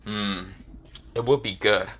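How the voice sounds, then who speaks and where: A man's voice: fairly low pitch, fairly even intonation, slow, fairly bright tone, muffled recording, voice pushed down. A man playing a crude young male fighter who swears and mocks his friends. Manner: swearing, mocking.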